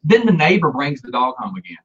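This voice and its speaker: A man telling a story in casual chat, animated and laughing, acting out the people he quotes. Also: medium pitch, a little fast, breathy edge. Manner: animated, acts out quoted voices, laughs often. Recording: dull lo-fi sound.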